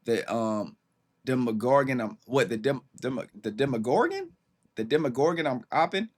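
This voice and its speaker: An excited man hosts a casual music reaction. He talks fast and eagerly over the track, reading lines aloud and breaking off to comment. His voice sits at an everyday middle pitch. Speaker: reaction channel host.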